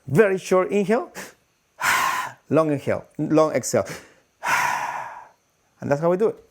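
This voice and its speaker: A man teaching breathwork in a live-streamed lesson, animated, demonstrating breaths with audible sighs. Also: on the high side.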